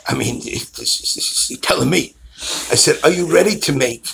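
A rabbi with a high, gravelly voice preaches by telling stories, acting out each voice in them. He swings between his own voice and those of the people in his tales. A faint hiss sits under the recording. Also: normal speed. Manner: animated storytelling, acts out callers' voices. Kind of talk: storytelling sermon.

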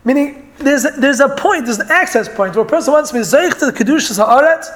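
A man's voice: very high-pitched, animated, fast talker, a bit bright. A man giving an earnest Torah lecture in English, mixing in Hebrew and Yiddish terms as he tells stories and explains verses. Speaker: Torah teacher.

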